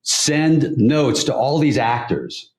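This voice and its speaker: A man spinning a mischievous story on a podcast, his pitch swinging widely as he builds it up. He talks casually and keeps laughing at his own pranks. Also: expressive, takes it slowly, a little hiss or hum. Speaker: guest actor.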